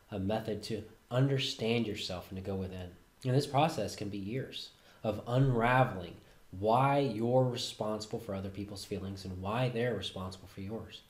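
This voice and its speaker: A man with a fairly low voice gives a calm, reflective self-help talk. His phrases trail off softly at the ends. The sound is roomy and echoey. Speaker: host. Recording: roomy echo.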